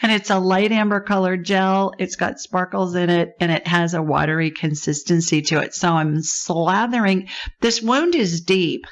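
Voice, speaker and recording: A woman's voice: fairly low pitch, fairly even intonation, normal speed. A woman hosting a call-in podcast, talking in a soothing, chatty, descriptive way. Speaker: podcast host and psychic. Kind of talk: call-in show chat. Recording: dull lo-fi sound.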